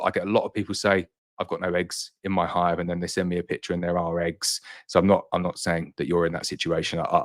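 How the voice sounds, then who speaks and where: A man who runs a beekeeping business, answering viewer questions in a casual live-stream chat, slightly out of breath and reassuring in manner. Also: deep voice. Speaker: beekeeper and honey business owner hosting a live Q&A.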